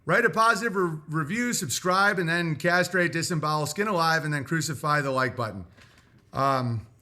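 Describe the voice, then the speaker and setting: Bright-voiced man rambling on a stream. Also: a little high. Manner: rambling, halting. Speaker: streamer reading viewer letters. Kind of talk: livestream monologue.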